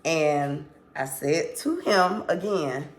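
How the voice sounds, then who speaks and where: Woman vlogger, low-pitched and slow, candid rambling storytime delivery with cursing. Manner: candid, rambling, swears, apologizes and restarts. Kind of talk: casual storytime monologue.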